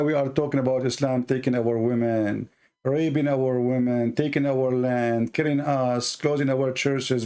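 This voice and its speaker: A man's voice: a little high, darkish tone. A man hosting his channel, ranting at viewers in a combative, sarcastic and insulting way. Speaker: channel host. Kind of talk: angry rant to viewers.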